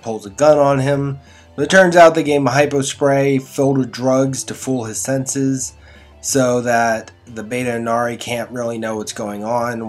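A man's voice: medium pitch, a little mellow. A man giving a casual, rambling spoken review of a TV episode, recapping scenes with dry, sarcastic asides. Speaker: show reviewer.

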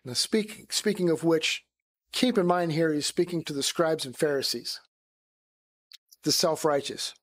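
A man's voice: on the high side, unhurried. A man giving a conversational Bible study sermon, acting out the voices he quotes. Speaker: Bible teacher.

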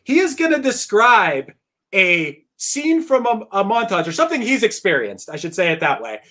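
Man, quiz host, high-pitched, animated, bright tone, stumbling restarts. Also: normal speed. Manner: lively, stumbles and restarts, laughs between answers. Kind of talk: live podcast trivia hosting.

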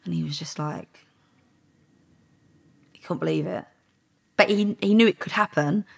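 A woman's voice: fairly low pitch, measured pace, gravelly, breathy edge. A woman, a former undercover police officer, recounting her work bluntly and candidly in an interview. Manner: blunt, candid retelling with frank language. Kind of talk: interview storytelling.

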